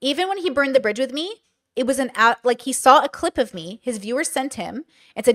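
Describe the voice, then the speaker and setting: A woman's voice: sits high, animated, a little fast, a bit bright. Earnest woman defending herself. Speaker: streamer. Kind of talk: live-stream monologue.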